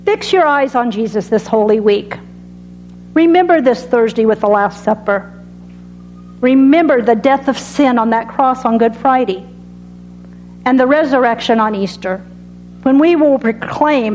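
A woman preaching a sermon that ends with an altar call. She speaks earnestly and drops to a soft hush on her key lines. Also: on the high side, a little hiss or hum, rough recording. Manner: earnest, dramatic pauses, drops to soft tones on key phrases.

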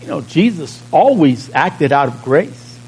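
Slow-preaching man, slightly high voice. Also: very animated, a little mellow, breathy edge, poor audio. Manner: conversational preaching, drawing out key words and checking in with the congregation. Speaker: pastor. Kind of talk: sermon.

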